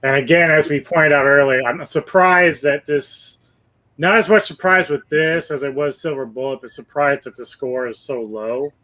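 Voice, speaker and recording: A man hosting a casual movie discussion, relaxed and full of "uh" fillers, laughing easily. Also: fairly high pitch, normal speed, poor audio. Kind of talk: casual movie review chat.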